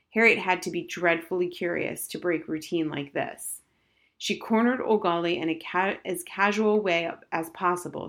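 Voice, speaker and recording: A woman reading a children's novel aloud as audiobook narration in a clear, measured way. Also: on the low side, fairly bright tone. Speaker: audiobook reader.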